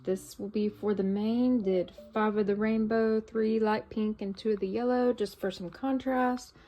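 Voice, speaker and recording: A young woman chatting casually in a home vlog, excitable and gushing as she talks. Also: medium pitch. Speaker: crochet vlogger.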